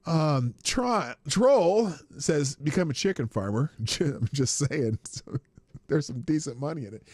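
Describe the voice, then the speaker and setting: A man hosting a casual political commentary show, talking in sarcastic, animated rants full of laughs and restarts. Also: fairly high pitch, takes it slowly, breathy edge, no room sound, clean studio sound. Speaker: show host.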